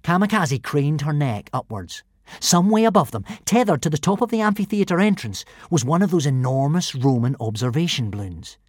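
An expressive man narrates a storybook from a script, working as an audiobook narrator. His voice is on the high side and moves at normal speed, recorded with studio quality and no room sound.

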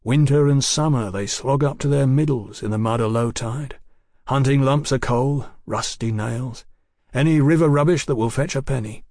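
A man voicing a calm, worldly guide who speaks in a measured way, in an audiobook. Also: medium pitch, no echo, studio quality, natural voice.

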